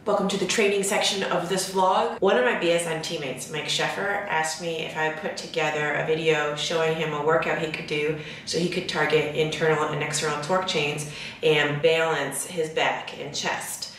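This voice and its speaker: A woman's voice: deep voice, fairly even intonation, normal speed, a bit bright, a little hiss or hum. A woman fitness vlogger narrating her workout in voice-over, explaining the muscles she works in detail.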